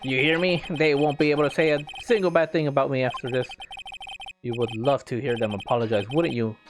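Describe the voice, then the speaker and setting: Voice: medium pitch, steady tone, brisk, noisy background, lightly acted. Someone doing a smug, boastful doctor. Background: game music.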